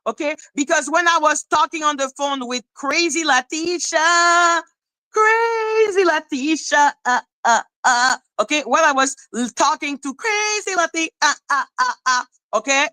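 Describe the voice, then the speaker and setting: A woman with a high, bright voice rants slowly through a reaction commentary. She sounds exasperated and mocking, swears freely and fires the same question again and again in disbelief. The recording is dry and close. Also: no echo, poor audio. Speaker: commentary channel host.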